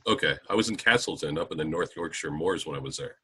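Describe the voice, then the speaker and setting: Deep, husky man chatting. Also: animated, fast talker, bright, forceful tone. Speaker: podcast co-host. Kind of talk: casual chat.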